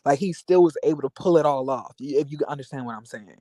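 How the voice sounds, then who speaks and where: A man's voice: fairly high pitch, fast, dark tone, no echo. A young man vlogging, telling a personal story in a rambling, candid way with many fillers. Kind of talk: casual venting monologue.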